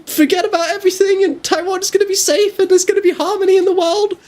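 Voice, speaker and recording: A man putting on a high, crying, whiny voice to mock his friend as a naive optimist. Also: fairly even intonation, fast talker, a little mellow. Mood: mock-weepy.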